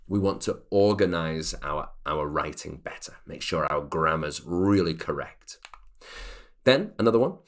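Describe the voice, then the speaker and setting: A man teaching an English grammar lesson, explaining clearly and reading example sentences aloud. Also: sits low.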